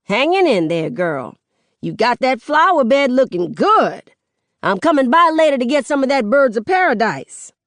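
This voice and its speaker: A woman doing Nana, a loud sassy grandma. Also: sits high, very animated, normal speed, no echo, clean studio sound, pitched above the performer's own voice. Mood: friendly.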